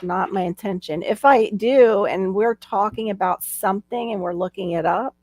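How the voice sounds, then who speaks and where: A chatty woman host from Florida in her forties, talking casually with friends on a stream. Her voice carries a gravelly edge at a middle pitch, recorded dry and close. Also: moderate pace, a little mellow, no room sound. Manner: chatty, laughs often, reads side chat aloud. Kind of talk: casual chat on a live stream.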